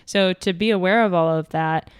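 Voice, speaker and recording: A young woman talks on her podcast in a loose, thinking-aloud way, full of fillers, restarts and small laughs. Her voice sits a little low and sounds smooth and clear. She is slightly out of breath, recorded close and dry with no room sound. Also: moderate pace, no echo. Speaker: podcast host. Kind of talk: casual solo podcast talk.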